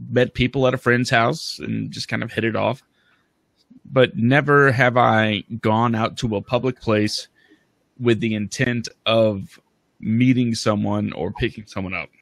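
A man's voice: lowish voice, creaky, a bit bright, dry recording. A man on a panel speaks in a hesitant, reflective way about meeting people. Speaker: panel guest. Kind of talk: casual panel chat.

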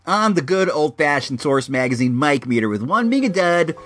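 A man hosting a podcast in casual chat, halting and often repeating his words as he rambles. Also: a little high, big pitch swings, fairly bright tone, faint music behind. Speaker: podcast host.

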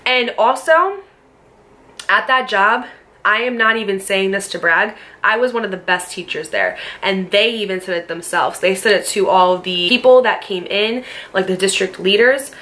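A woman's voice: mid-range voice, normal speed, sharp tone. A young woman telling a story to camera, heated, blunt and swearing freely, firing off rhetorical questions. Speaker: storytime vlogger. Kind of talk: casual storytelling.

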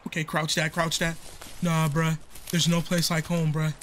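A man's voice: fairly high pitch, completely flat delivery, normal speed, fairly bright tone, slight background noise. A young man doing casual let's-play commentary, jumpy and slangy, exclaiming often. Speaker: gaming streamer.

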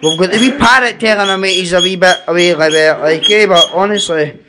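A man's voice: sits high, fairly quick, very noisy. A young Scottish man filming his friend on a home video, laughing and teasing as he talks.

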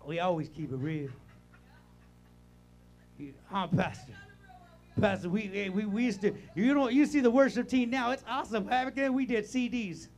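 High-voiced older male preacher, animated. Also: normal speed, pauses often. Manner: animated, swinging from shouting to quiet talk. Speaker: pastor. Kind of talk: sermon. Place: church sanctuary.

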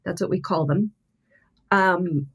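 A woman's voice: fairly low pitch, slightly rough. A middle-aged woman, a podcast guest, talking candidly and thoughtfully with frequent restarts. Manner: earnest, thoughtful, halting with restarts.

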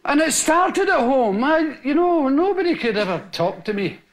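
A man's voice: very high voice, sing-song, normal speed. A man with a Scottish accent telling rambling stories as a stand-up comedian on a live stage. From Scotland. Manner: rambling, swings into loud acted-out family scenes. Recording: live show with a roaring, noisy audience. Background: audience laughter.

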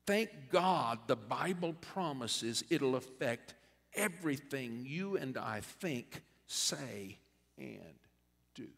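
Gravelly preacher man in a reverberant church. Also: mid-range voice, lively intonation, slow pace. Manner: preaching cadence, rising to loud repeated refrains. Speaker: bishop preaching. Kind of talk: sermon. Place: church sanctuary. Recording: long reverb of a church hall.

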